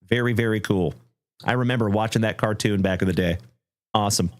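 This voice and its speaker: A man hosting a livestream trading card break, thanking viewers effusively and calling out cards with excitement. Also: on the low side, fairly quick. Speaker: live card break host.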